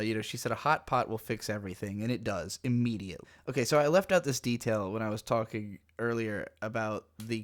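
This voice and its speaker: Animated, profane male anime reviewer. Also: lowish voice. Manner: animated, profane, excitable storytelling. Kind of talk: casual commentary.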